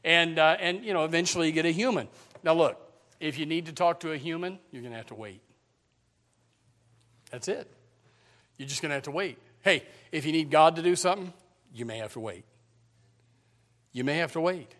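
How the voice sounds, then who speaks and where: A man's voice: on the high side, a little fast, pauses often, a bit bright. A middle-aged male pastor preaching a sermon in a folksy manner, repeating words and joking with his congregation.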